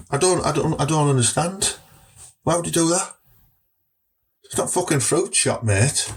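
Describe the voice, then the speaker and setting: Comic host: Teesside man, husky, fairly high and animated, boastful and foul-mouthed. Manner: crude, boastful, jokey. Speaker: podcast host. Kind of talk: comic monologue answering listener questions.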